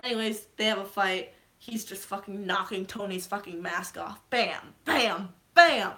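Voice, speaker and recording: A woman casually recapping a movie's plot in a vlog, excitable, swearing freely and geeking out. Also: medium pitch, moderate pace. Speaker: vlogger.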